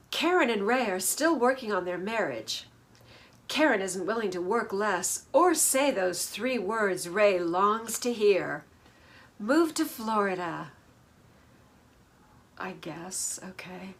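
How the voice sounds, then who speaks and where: A woman's voice: medium pitch, fairly bright tone. A woman hosting a casual reality TV recap, snarky and gossipy, laughing at the drama.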